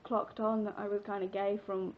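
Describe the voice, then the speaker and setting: Over muffled, low-fidelity webcam audio, a sixteen-year-old girl from England rambles through a personal story in a chatty, giggly vlog with many fillers. She keeps a level tone in a mid-range voice at a moderate pace.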